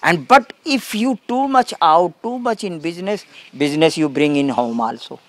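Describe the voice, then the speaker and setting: A man giving a spiritual talk to a gathering in simple, broken English, calmly repeating short phrases. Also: a little high, moderate pace. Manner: calm, emphatic contrasts. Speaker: spiritual teacher.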